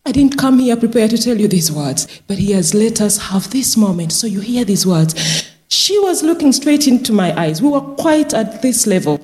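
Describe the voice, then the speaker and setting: A woman care worker giving a church testimony, telling her story lively and acting out the dialogue. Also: on the high side, moderate pace.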